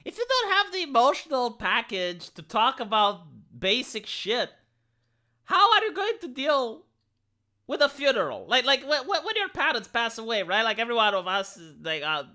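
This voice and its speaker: A man's voice: very high voice, very animated, moderate pace, pushed and bright. A man from Romania doing casual commentary on a live stream, stammering through restarts and lots of filler words. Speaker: live streamer reacting to a video.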